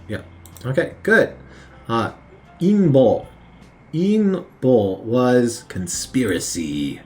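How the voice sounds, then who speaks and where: A man's voice: mid-range voice, darkish tone. A man thinking aloud as he studies vocabulary, repeating words over and over with many fillers, at his work computer on a lunch break. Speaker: language learner studying on video. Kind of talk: casual study commentary.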